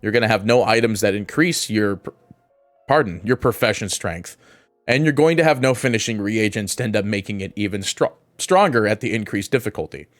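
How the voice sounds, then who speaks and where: A man's voice: on the low side, animated, fairly quick, dry recording, faint music behind. A man narrating a casual game tutorial, explaining steps with occasional fillers and self-corrections. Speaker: gaming guide creator.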